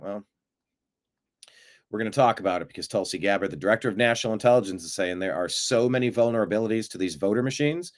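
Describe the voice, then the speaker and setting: A man hosting a live-streamed political commentary show, talking in an animated way with sarcastic asides and frequent fillers. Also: fairly low pitch, fast talker. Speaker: host of a political news show.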